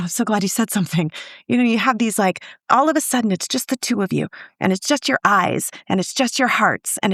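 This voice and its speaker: A woman's voice: a little high, creaky, a bit bright, dry recording, clean studio sound. A woman therapist speaking earnestly on a podcast, emotional and given to restarts. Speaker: guest therapist. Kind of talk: podcast conversation.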